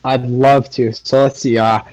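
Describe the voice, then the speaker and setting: A man's voice: mid-range voice, level tone, measured pace, darkish tone, no room sound, muffled recording. Laid-back, foul-mouthed guy in dry sound. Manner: profane, laid-back, laughs often. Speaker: guest YouTuber. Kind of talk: casual improvised storytelling.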